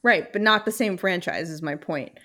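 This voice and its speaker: A woman's voice: on the low side, normal speed. A young woman co-hosting a casual chat, telling a story with lots of fillers and swearing. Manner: animated storytelling, swears freely, many fillers.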